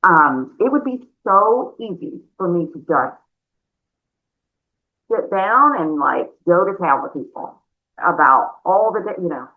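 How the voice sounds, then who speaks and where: A woman giving a conversational sales training talk, chatty and animated, calling her listeners y'all. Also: lowish voice, measured pace. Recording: narrow phone-like sound.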